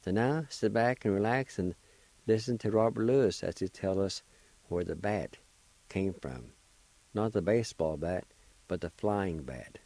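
A middle-aged man introduces a story on the radio in a relaxed, folksy manner. His voice sits low and mellow, recorded close and dry. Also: measured pace, no room sound. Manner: relaxed, chatty, gives friendly advice. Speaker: radio show host.

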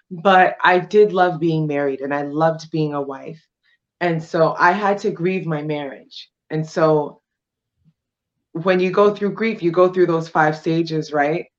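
A woman speaks in a slightly low voice, talking through her points with steady emphasis and plenty of "you know"s. The recording sounds a bit dull and lo-fi. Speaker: guest sharing her divorce experience. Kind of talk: conversational interview.

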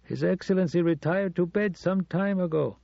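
A man's voice: high voice, normal speed, gravelly, mellow, no echo, dull audio, voice pushed up. A man voicing a prim male night servant at an embassy, stiff, formal and dismissive. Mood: stiffly polite.

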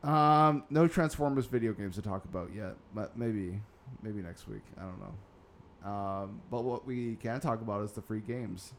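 A man's voice: lowish voice, measured pace, slight background noise. A man hosting a casual gaming news podcast, sarcastic and swearing now and then. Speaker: podcast host.

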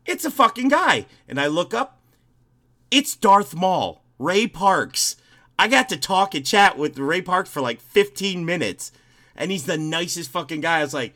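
A man co-hosting a casual podcast, telling a story in an animated way and swearing often. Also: on the high side, normal speed. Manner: animated, swears a lot, tells stories. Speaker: podcast co-host.

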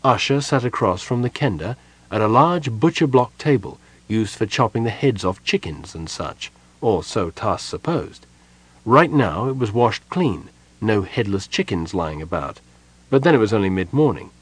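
A man narrating a fantasy audiobook in a steady, even reading voice. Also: on the low side, moderate pace, breathy edge, dry recording. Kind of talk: scripted narration.

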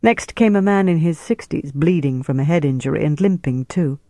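Mellow man narrating an audiobook. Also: a little high, no echo, clean studio sound. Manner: measured, steady storytelling with deliberate pauses. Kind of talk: scripted narration.

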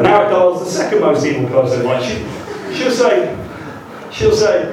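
A man's voice: on the high side, normal speed, noisy background. Joking British man lecturing in echoey hall. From Great Britain. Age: 40s. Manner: lively, joking, acts out quotes. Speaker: guest lecturer. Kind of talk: conference talk. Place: large university lecture hall. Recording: echoey hall taped from far off.

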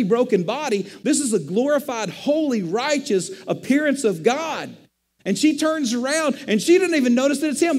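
High-voiced middle-aged preacher, conversational. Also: male voice, long reverb tail. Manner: conversational, animated storytelling preacher. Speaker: pastor. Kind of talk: sermon.

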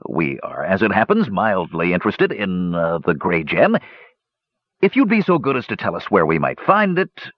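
A man voicing a blustering, gruff male dwarf warrior who talks pompously. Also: deep voice, wildly swooping pitch, normal speed, dry recording, full character voice. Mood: flustered. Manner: pompous, broken speech, then flustered. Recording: dull lo-fi recording.

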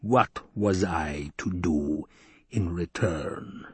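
A man's voice: deep voice, very slow, slightly rough, no room sound, pitched below the performer's own voice, heavily acted. A man voicing a cruel, gloating baron villain who spits his words with menace, in a storybook reading. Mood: sneering menace. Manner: sneering, menacing, spitting words.

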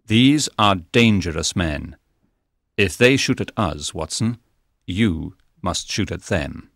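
A calm, clever male detective in a storybook reading. He speaks in a measured, explanatory way, in a lowish voice. The sound is dry and close to the mic. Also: creaky, no room sound, exaggerated voice. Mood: tense. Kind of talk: audiobook character reading.

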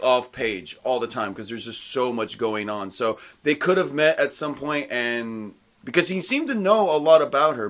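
A man's voice: a little high, a bit bright. A man co-hosting a casual chat about comics, rambling and hesitant, acting out characters' lines as he recounts scenes. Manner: rambling, hesitant, acts out quotes. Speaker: podcast co-host discussing comics.

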